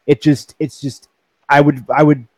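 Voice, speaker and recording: A man in casual group chat, speaking hesitantly with many halting restarts. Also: a little high, flat delivery, a little mellow, no echo.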